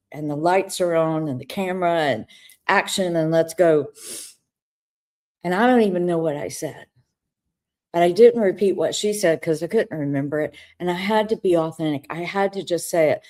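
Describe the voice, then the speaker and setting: A woman's voice: fairly low pitch, moderate pace, darkish tone. A woman co-hosting a talk show, candidly telling an emotional personal story in conversation. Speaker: co-host.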